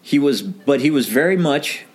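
A man's voice: mid-range voice, normal speed. Casting: middle-aged man, mid-range voice, casual storyteller who voices the people in his story. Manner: animated anecdote with quoted dialogue, laughs often. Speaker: guest telling a story.

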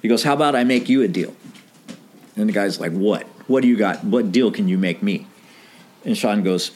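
A man's voice: on the low side, moderate pace, pauses often. A middle-aged man casually telling a story from his band days, acting out the dialogue and laughing now and then. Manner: animated anecdote with quoted dialogue, laughs often.

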